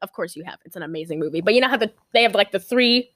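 A woman's voice: mid-range voice, animated, very fast, a bit bright, dry recording, clean studio sound. A woman hosting a podcast in casual chat, giggling often and rambling with lots of fillers. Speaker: podcast host.

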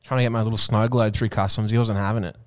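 A man's voice: fairly low pitch, little pitch movement, rapid-fire. A young man co-hosting a podcast in casual chat, laid-back, adding short agreements and swearing. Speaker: podcast co-host. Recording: clear background noise.

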